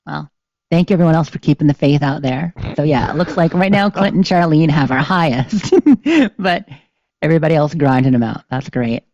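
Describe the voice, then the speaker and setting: A rambling, chatty podcast co-host with a mellow, darker tone, full of ums and little laughs. Dry, slightly dull recording from a home streaming setup. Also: mid-range voice, a little fast, no room sound. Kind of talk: casual podcast chat.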